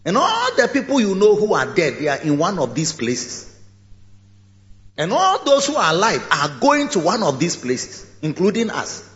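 A man preaching a sermon in a large church, telling the story in a lively way and acting out its scenes. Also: high voice, normal speed. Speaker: pastor. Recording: echoey hall, dull lo-fi sound.

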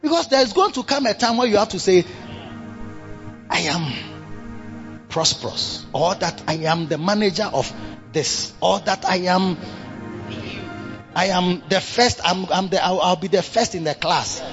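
A man preaching a sermon. He repeats himself and swings between low murmurs and loud bursts of emphasis. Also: moderate pace, dull audio, music in the background.

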